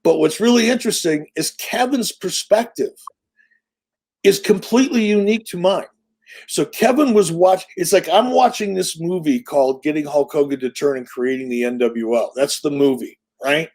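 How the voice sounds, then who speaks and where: A man in his sixties, appearing as an interview guest, tells casual stories in an animated, punchy, profane style. His voice is on the high side, and he talks at a normal speed.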